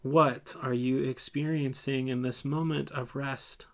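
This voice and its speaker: A man with a mid-range voice leads a guided scripture meditation, speaking softly to his listeners. He paces the images slowly and lingers in his pauses. He asks them questions as they imagine the scene. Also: mid-range voice, steady tone. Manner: slow, soft, second-person guiding with lingering pauses. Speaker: church speaker leading a meditation.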